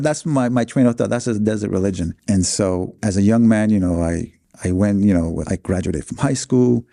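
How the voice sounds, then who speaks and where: A man tells his personal story to an interviewer. His voice sits low and sounds very dark and mellow, and it was recorded dry and close, with no room sound. He speaks earnestly and keeps restarting his phrases. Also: no echo. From New York City, USA. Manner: earnest, with many fillers and restarts. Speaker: interview guest.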